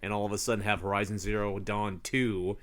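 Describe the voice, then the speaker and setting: A man co-hosting a casual podcast, rambling through excited stories and swearing freely. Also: lowish voice, a little fast. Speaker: podcast co-host. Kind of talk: casual chat.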